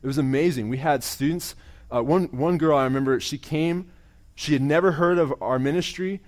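A young campus minister preaches in an earnest testimony style, his voice a little high and his speed normal. He often repeats words as he restarts, and the ends of his sentences drop quiet.

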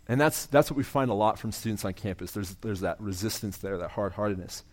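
Preaching in earnest testimony style, the young campus minister talks a little fast in a lowish voice. He frequently repeats words as he starts over, and his sentences trail off quietly at the end.

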